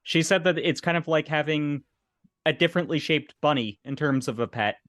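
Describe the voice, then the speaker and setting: A man hosting a podcast, chatting in a relaxed, casual way and sharing fun facts. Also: a little high, normal speed, no echo, studio quality. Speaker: podcast host. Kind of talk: casual chat.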